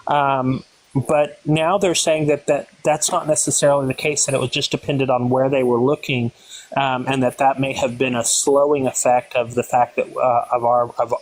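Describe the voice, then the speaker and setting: A man working his way through an explanation in a live online debate, circling back often and hesitating as he goes. His voice sits in an ordinary middle range. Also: mid-range voice. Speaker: debate participant.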